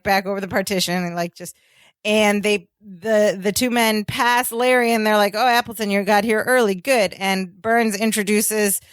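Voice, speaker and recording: A woman's voice: medium pitch, clean tone, dry recording. Woman recapping a sitcom, dry close sound. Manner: animated storytelling, acts out quoted lines. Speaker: podcast co-host. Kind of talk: casual chat recapping a sitcom episode.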